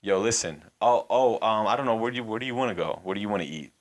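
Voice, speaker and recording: A man with a very low voice chatting casually as a podcast co-host. He rambles in a laid-back way, packing in fillers and curse words. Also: expressive, quick pace. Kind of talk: casual chat.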